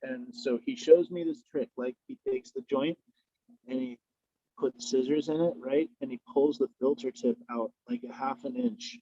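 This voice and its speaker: A man's voice: medium pitch, very animated, moderate pace, vocal fry, warm tone, lo-fi sound. A man guesting on a podcast, chatting casually and telling rambling, laid-back stories while he smokes. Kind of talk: casual chat while smoking.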